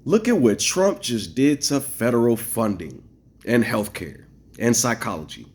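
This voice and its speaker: A man telling a long, rambling story to camera, animated and profane, acting out what others said. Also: medium pitch, unhurried. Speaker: vlogger. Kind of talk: casual storytelling rant.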